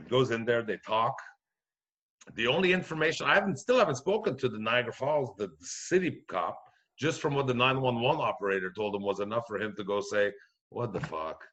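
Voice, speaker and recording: A man's voice: mid-range voice, fairly quick, lo-fi sound. Profane storytelling man from Quebec. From Quebec, Canada. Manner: profane, animated, acts out voices. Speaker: comedian guest. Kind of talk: casual storytelling.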